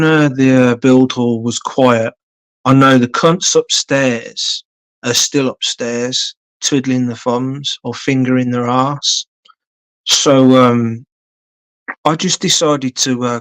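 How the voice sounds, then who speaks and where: A man's voice: medium pitch, fairly bright tone. A man telling a long story on a casual live stream, blunt and sweary, rambling with lots of fillers.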